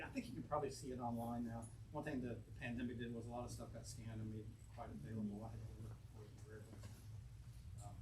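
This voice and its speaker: A man from North Carolina, a poet answering audience questions at a bookstore event, telling anecdotes in a rambling way and chuckling often. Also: mid-range voice. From North Carolina, USA. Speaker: poet presenting his book. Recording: distant mic, noisy room.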